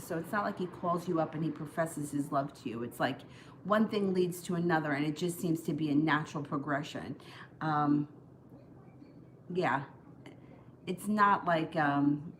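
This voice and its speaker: A woman with a fairly low voice reads tarot live for viewers. She talks in a loose, chatty way, reassuring them and giving advice. A faint hiss sits under her voice. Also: low-quality recording. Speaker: tarot reader. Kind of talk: live-streamed tarot reading.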